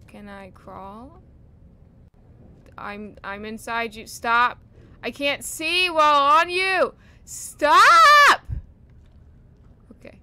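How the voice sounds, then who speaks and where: A woman streamer casually talking through a horror game, often swearing and shouting in panic when chased. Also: mid-range voice, background noise. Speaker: gaming streamer.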